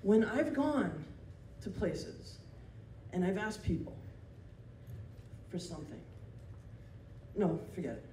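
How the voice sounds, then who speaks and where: Rambling, animated male stand-up comic. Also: sits high, slow pace, long pauses, far from the mic. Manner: rambling, animated, often laughing mid-sentence; self-interrupting with restarts and asides. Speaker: stand-up comedian. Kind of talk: live stand-up storytelling. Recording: roomy venue taped from afar. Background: audience laughter and room noise.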